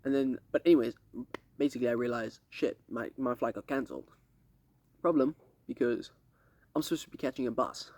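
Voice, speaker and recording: A man's voice: mid-range voice, fairly quick, long pauses, darkish tone, no echo. A young man from South Africa giving a casual, rambling vlog update outdoors on a lake dock at night, talking to a camera a few steps away, slangy and swearing freely. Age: young adult. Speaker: vlogger. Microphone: camera set up a few steps away.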